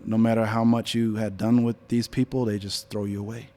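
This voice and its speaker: A man in his forties, a business leader speaking before a live audience in an on-stage interview, telling stories in a relaxed, conversational way and getting animated when he quotes other people. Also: lowish voice, fairly quick. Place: event venue before an audience.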